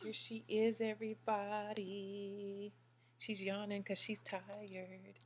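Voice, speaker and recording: A woman's voice: medium pitch, monotone, takes it slowly, husky. Gushing woman vlogger, new mom. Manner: gushing and emotional, talks straight to her viewers. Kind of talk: casual talk to viewers.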